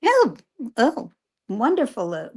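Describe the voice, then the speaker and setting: An older woman chatting as a guest on a video call, laughing often and greeting people warmly. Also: on the high side, huge pitch swings, slow, husky. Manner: giggly, warm greetings. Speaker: guest, former child actress. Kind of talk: casual interview chat.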